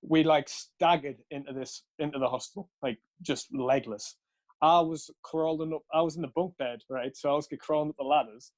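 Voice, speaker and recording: A man's voice: a little high, normal speed. A young man, casually telling a rambling night-out story, laughing and swearing between fillers. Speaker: podcast co-host.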